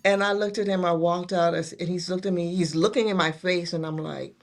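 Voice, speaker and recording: A woman's voice: fairly low pitch, fairly even intonation, brisk. A middle-aged woman, a guest in a casual interview, telling her story earnestly with many restarts. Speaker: guest, nurse executive.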